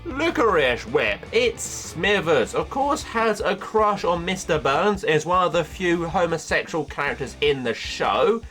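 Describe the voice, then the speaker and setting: A man doing casual tier-list commentary as a YouTuber, offhand and jokey, firing off quick verdicts. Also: a little high, a bit bright, faint music behind. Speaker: YouTuber ranking cartoon characters.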